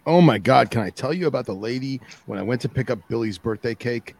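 Man, podcast co-host, gravelly voice, animated storytelling, casual chat. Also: mid-range voice, quick pace.

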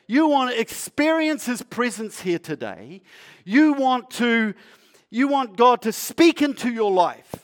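A male pastor preaching in a conversational, playful way, asking the congregation questions and sometimes dropping to a quiet, earnest tone. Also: sing-song, unhurried. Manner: acts out a shopkeeper's sales pitch. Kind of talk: sermon.

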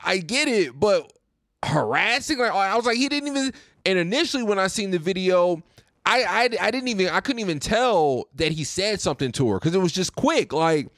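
A young man hosts his own podcast, ranting casually and profanely and often repeating himself. His voice is high-pitched and fairly bright with lively intonation at a normal speed, captured as clean studio sound with no echo.

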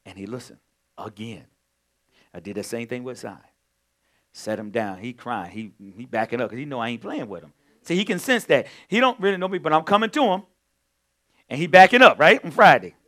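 Male pastor, conversational sermon delivery with emphatic swells, slightly higher voice. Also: animated, fairly quick. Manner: conversational preaching, swings between quiet storytelling and loud emphatic points.

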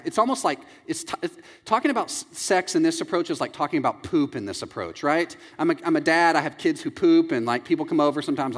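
Animated man preaching in a reverberant hall. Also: a little high, fast talker. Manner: animated, jokey storytelling with acted-out quotes. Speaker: pastor. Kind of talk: sermon. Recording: long reverb in a large hall.

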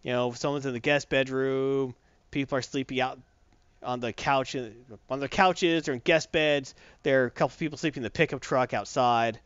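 A man casually retelling a comic book story, acting out lines in quick voices. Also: medium pitch, steady tone, clear, resonant tone, no echo, highs cut off. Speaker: comic recap host.

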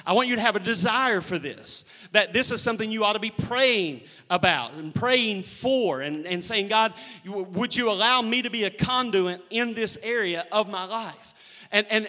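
A man's voice: high voice, bright, forceful tone, in a large hall. A man in his thirties preaching a sermon as a church pastor, emphatic and repeating key phrases. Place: church sanctuary.

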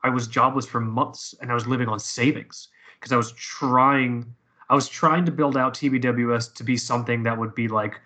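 A man's voice: mid-range voice, fairly even intonation, moderate pace, sharp tone. A man telling a personal story in casual conversation, profane and rambling with many restarts.

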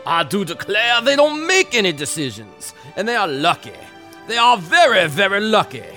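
A man's voice: sits high, big pitch swings, normal speed, bright, forceful tone, faint music behind, voice pushed up, full character voice. A man voicing a pompous older male tennis executive in an affected, mocking put-on voice.

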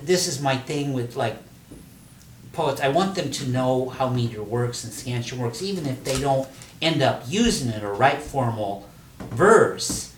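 An older man, a poet and teacher, talking casually in an animated, profane way and laughing often. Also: medium pitch, measured pace, distant mic. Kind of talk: casual conversation. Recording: echoey room, off-mic, faint noise.

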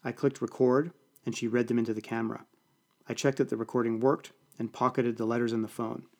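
A man's voice: mid-range voice, flat delivery, a little fast. A man with a Canadian accent reading a first-person story aloud in a dry, wry way. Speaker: audiobook narrator. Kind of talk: first-person scripted narration.

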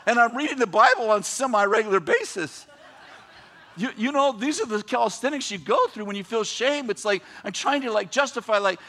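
A man preaching a sermon in a high, bright voice. He tells stories in an animated way and voices other people's lines. He drops to a quiet tone for scripture, then rises to excited shouting. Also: moderate pace. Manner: swings from quiet reading to loud excited shouting; animated storytelling with voiced asides.

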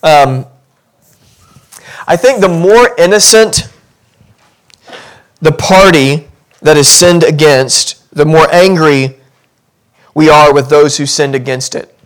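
A man preaching a sermon as pastor, talking conversationally and building to animated intensity. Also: fairly high pitch. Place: church sanctuary.

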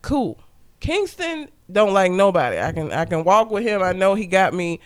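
A man's voice: high-pitched, moderate pace, smooth. A man from Alabama with a Southern accent, co-hosting a podcast in a loose, swearing, laugh-filled chat. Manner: animated, laughs often, swears freely. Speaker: podcast co-host. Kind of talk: casual chat.

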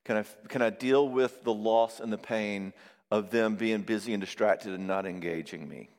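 A man preaching a sermon on marriage, lively and conversational, acting out quoted voices now and then. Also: fairly low pitch, normal speed. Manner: animated, acts out quoted voices. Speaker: pastor and therapist. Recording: long reverb of a hall.

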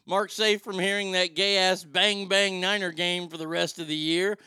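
A man's voice: high-pitched, little pitch movement, moderate pace, bright, forceful tone, clear, resonant tone, no room sound, studio quality. A man hosting a casual live chat, reading viewer comments aloud and swearing freely. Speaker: talk show host reading chat.

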